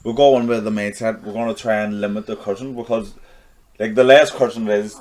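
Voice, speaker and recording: A man's voice: lowish voice, steady tone, a little fast, a little mellow. Easygoing Belfast man chatting. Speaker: comedian guest. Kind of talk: casual podcast chat.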